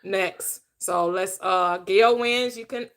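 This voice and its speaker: A woman's voice: medium pitch, slow, fairly bright tone. A woman hosting a casual online panel chat, blunt, teasing and preachy. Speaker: host.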